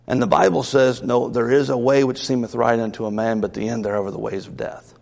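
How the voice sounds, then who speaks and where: A man's voice: mid-range voice, fairly even intonation, fairly quick, creaky, darkish tone, long reverb tail. A man from the South, a pastor preaching a Wednesday night sermon in an earnest, conversational way with asides. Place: church sanctuary.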